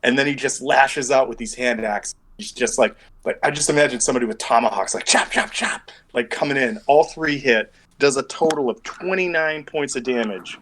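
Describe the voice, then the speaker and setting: A man's voice: mid-range voice, fairly quick, few pauses, a bit bright, low-quality recording. A man running a tabletop game as game master over an online call, rambling and thinking aloud as he works out dice math.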